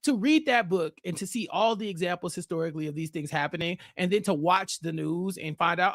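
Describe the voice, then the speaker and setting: A man's voice: high voice, brisk, hardly any pauses, fairly bright tone, no echo. A man hosting a podcast, talking casually about politics in a blunt, exasperated rant. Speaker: podcast host.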